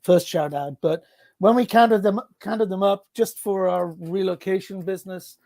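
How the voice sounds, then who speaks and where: High-voiced Northeast English man. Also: moderate pace, gravelly, darkish tone. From Northeast England. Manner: hesitant, repeats words, good-humored. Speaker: guest. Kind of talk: interview conversation.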